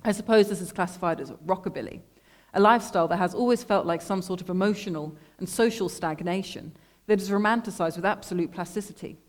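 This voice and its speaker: A woman artist reading her own literary text aloud to an audience in a measured, deadpan way, speaking into a microphone. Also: medium pitch. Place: lecture room at an art school.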